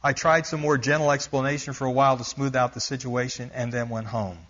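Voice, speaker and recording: A man preaching, retelling a missionary story with lively emphasis. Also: medium pitch, fairly quick, muffled recording.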